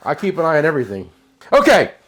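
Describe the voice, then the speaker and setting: A man's voice: a little high, huge pitch swings, quick pace, fairly bright tone, a little hiss or hum. A man with a New Jersey accent hosting a casual tool show, rambling and joking with his cohost. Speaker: tool shop owner and show host. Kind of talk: casual product chat.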